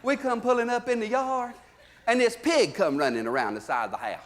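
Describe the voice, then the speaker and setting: Southern male stand-up, high voice, folksy drawling storyteller, live on a theater stage. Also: animated, brisk. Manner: folksy drawling storyteller, swings between loud and low. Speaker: stand-up comedian.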